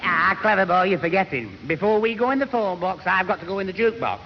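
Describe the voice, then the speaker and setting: Daft muddled lad, high jumpy voice, trips over his words, hissy old radio. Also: lively intonation, fast talker. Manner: flustered, stumbling, muddled. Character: dim, easily muddled young man. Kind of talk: 1960s radio comedy acting. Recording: dull lo-fi 1960s radio recording with hiss.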